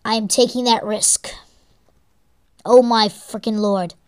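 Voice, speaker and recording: A woman's voice: a little high, steady tone, slow pace, smooth. A young woman giving gameplay commentary, exasperated and swearing at the game as she plays. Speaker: let's play gamer.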